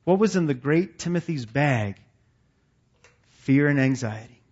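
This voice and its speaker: A man's voice: a little high, animated, unhurried, darkish tone, dull audio. A man leading a men's ministry meeting, preaching in a folksy, conversational and self-deprecating way to men seated around tables. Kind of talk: sermon to a men's gathering.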